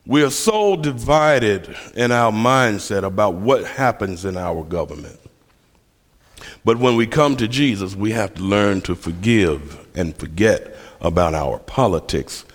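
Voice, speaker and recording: Preacher, man, telling stories with a self-mocking humor; long hall reverb around him. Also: lowish voice. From Memphis, USA. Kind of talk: sermon.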